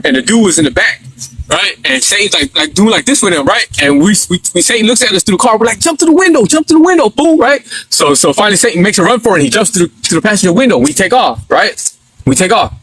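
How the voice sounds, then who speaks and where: A man with a high, husky voice races through a wild story on his livestream. His delivery is slangy and full of swearing, and he jumps into loud acted-out shouts and laughs. The sound is close and dry. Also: quick pace, dry recording. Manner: animated, acts out quotes with yelps and laughs; slangy street talk, swears freely. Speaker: livestream host.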